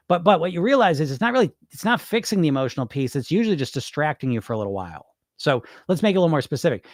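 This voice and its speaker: A man's voice: a little high, no room sound, studio quality. A man hosting a weight loss podcast, answering viewer questions in loose, rambling chat with casual swearing. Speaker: weight loss hypnosis coach, podcast host.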